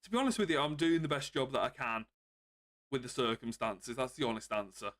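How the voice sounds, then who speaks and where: A man streaming games, chatting casually and more quietly than usual because of bruised ribs, chuckling often. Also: mid-range voice, fairly quick. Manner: subdued, calmer than usual, with frequent chuckles. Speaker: game streamer. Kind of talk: casual live-stream chat.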